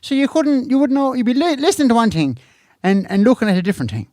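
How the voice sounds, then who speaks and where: A man's voice: very high-pitched, animated, fast talker, a little mellow, no room sound, clean studio sound. An actor playing a crude, rambling rural Irish man who delivers gossipy news as a comedy monologue, swearing and laughing at his own jokes. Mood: chatty. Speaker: comic news presenter.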